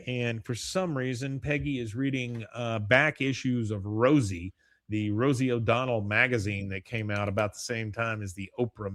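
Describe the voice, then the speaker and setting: A man in his own casual podcast voice, retelling a cartoon episode scene by scene. He jumps into quick, lively impressions for the characters' lines. The sound is close and dry, with no room around it. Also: mid-range voice, dry recording. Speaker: podcast host.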